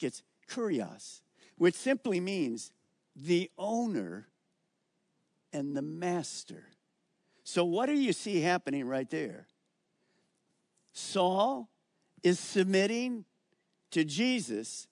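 A middle-aged male pastor preaching a sermon, emphatic and slowing down on key words as he reads scripture aloud. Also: fairly high pitch, a little mellow, no echo, clean studio sound.

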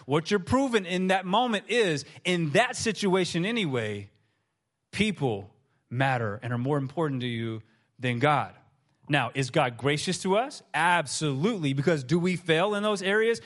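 Animated male preacher. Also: fairly high pitch, moderate pace. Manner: animated storytelling, acts out quoted voices. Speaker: pastor. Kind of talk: sermon.

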